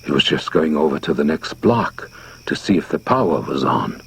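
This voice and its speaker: A shaken man speaking in a hushed way, voiced by a male narrator. His voice is extremely deep, gravelly and husky. Faint music plays under the storybook reading. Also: lively intonation, normal speed, full character voice.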